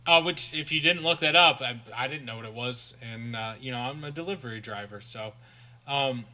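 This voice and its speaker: A man's voice: mid-range voice, fairly quick, background noise. A man co-hosting a podcast, recapping a film in a rambling casual way with fillers and asides. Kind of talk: casual chat.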